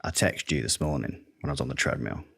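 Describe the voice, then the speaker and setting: Male podcast host, very deep husky voice, calm, attentive interviewer. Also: fast. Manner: calm, attentive, with frequent murmured acknowledgements. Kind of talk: interview conversation.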